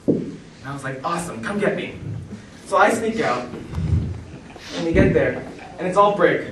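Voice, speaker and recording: High-voiced man doing stand-up. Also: normal speed, distant mic. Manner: animated, acts out quoted voices. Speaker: stand-up comedian. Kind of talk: stand-up storytelling. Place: comedy club stage. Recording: roomy club sound from afar, noisy. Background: club audience laughter.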